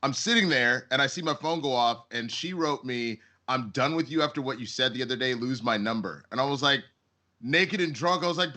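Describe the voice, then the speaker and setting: A man on a chat panel telling an animated anecdote, swearing freely. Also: medium pitch, fairly quick.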